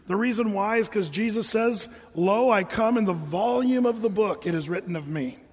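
A fairly high-voiced pastor preaches in a relaxed, storytelling way, slipping into little voices for the people he describes. His tone is a bit husky, and his words carry a long echo through a big church hall. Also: moderate pace. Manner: casual, animated storytelling with voiced quotes. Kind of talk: sermon. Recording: reverberant hall.

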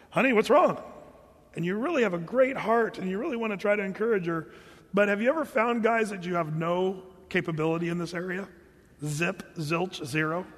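Higher-voiced man preaching in a reverberant hall. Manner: humorous, conversational preaching with quoted asides. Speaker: pastor. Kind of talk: sermon.

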